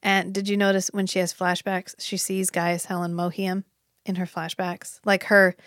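A woman co-hosting a casual chat podcast, opinionated and animated, swearing now and then as she talks. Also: fairly low pitch, moderate pace, dry recording, studio quality. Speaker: podcast co-host.

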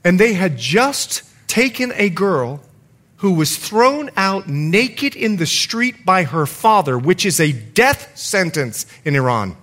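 A man preaching a sermon to his church, telling stories and reading scripture with emphatic, animated delivery. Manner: animated storytelling preacher, emphatic swings in pitch. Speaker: pastor.

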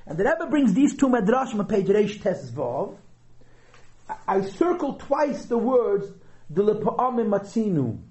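A man teaching a Chassidus class to regulars, lively and thinking aloud as he explains, stressing key words. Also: high voice, a little slow. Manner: thinks aloud, hedges and restarts often. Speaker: Torah teacher. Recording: echoey room.

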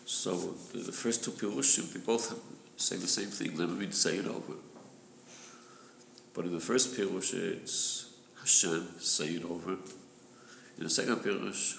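A Torah study group leader with a low, gravelly voice and a fairly bright tone guides a group through a religious text. He explains patiently, repeats his key point and clears his throat now and then. It sounds echoey, with faint background noise.

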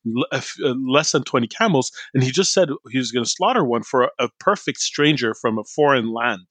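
On a dry recording, a man speaks fairly quickly in a mid-range voice. An Iraqi-family podcast co-host who grew up abroad, he shares a story in easygoing chat, staying animated and acting out the voices of those in it.

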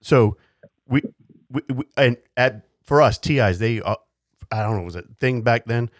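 A man's voice: mid-range voice, no room sound, clean studio sound. A man hosting a casual chat, often laughing and chiming in. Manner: laughs often, quick interjections.

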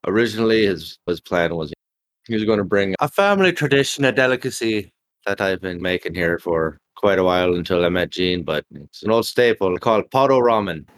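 A man's voice: deep voice, lively intonation, brisk, dry recording. A man playing a tabletop game, partly in character, with wry joking asides. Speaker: player.

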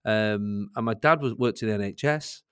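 A Mancunian man from Manchester, England, guests on an interview as a comedian, chatting casually, poking fun at himself and laughing between lines. His lowish voice is clear and resonant at a normal speed, recorded in a clean studio with no room sound.

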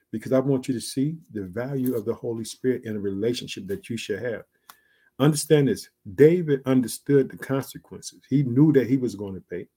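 A man preaching an online sermon with emphatic asides, swinging between loud and soft, drawing out key phrases slowly. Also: mid-range voice, breathy edge. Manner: emphatic, repeats "guess what" and "check it out".

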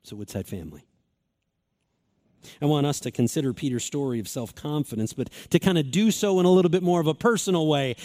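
A man's voice: on the high side, darkish tone. Earnest man preaching a sermon. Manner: earnest, emphatic repetition, swings between quick and slow phrasing. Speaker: pastor.

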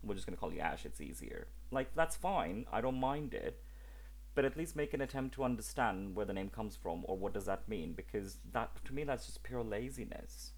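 A man speaking as a guest on a podcast in casual, animated conversation with exasperated asides. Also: mid-range voice, normal speed.

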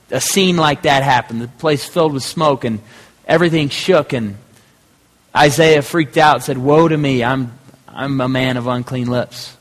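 A man preaching a sermon as pastor, talking conversationally and often restarting his phrases. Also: medium pitch. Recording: hall with long reverb.

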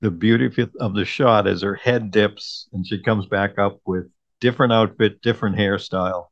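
A woman's voice: a bass voice, fairly even intonation, moderate pace, dry recording, muffled recording. A woman co-host chatting casually, chiming in with short comments and agreement. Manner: brief agreeing interjections, laughs along. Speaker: podcast co-host. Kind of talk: casual chat.

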